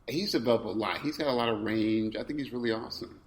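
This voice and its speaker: A man guest-hosting a podcast in relaxed, casual chat. He talks in an animated way, stammering and repeating himself as he argues his point. He keeps it playful and teasing. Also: medium pitch, fast talker, slight background noise. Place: indoors, recording in person with co-host.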